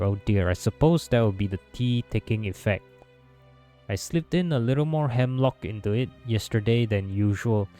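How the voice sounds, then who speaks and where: A man voicing a sweet, softly sympathetic murderous maid from a visual novel, speaking calmly in a low, mellow voice. Faint music plays behind. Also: natural voice. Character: soft-spoken murderous female maid.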